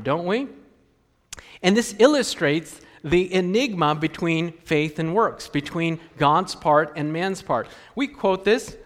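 Man, pastor, sermon, high-pitched, rhetorical questions, echoing hall. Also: fairly bright tone. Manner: conversational preaching with rhetorical questions to the congregation.

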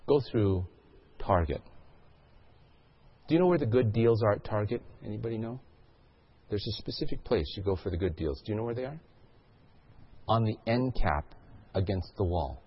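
A man's voice: fairly low pitch, animated, normal speed, long pauses, slightly rough, lo-fi sound. A male pastor delivering a sermon, telling a story and asking the congregation questions.

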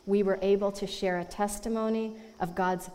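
A woman sharing a testimony as co-speaker at a conference, emphatic and warm. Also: medium pitch, steady tone, normal speed. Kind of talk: testimony talk. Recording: long hall reverb.

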